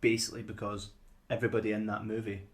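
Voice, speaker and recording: A man's voice: fairly low pitch, little pitch movement, fast talker. A man co-hosting a casual podcast about films, rambling and repeating words as he works his way to his point. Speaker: podcast co-host. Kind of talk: casual film discussion.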